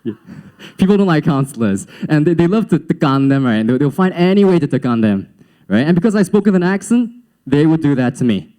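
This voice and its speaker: Lively young man telling a story. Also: fairly high pitch, a little fast. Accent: slight Western-sounding accent. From Singapore, raised in Southeast Asia. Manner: animated storytelling, acts out quotes, laughs often. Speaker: youth event speaker. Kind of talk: personal story talk to a young audience.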